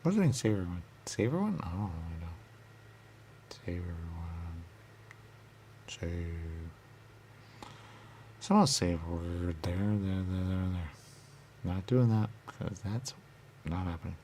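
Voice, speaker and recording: A man's voice: low-pitched, lively intonation, normal speed, pauses often, warm tone, a little hiss or hum. A man rambling in circles, asking himself questions and answering them, repeating words and dropping into sudden whispers. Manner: circular, repetitive musing with sudden whispers.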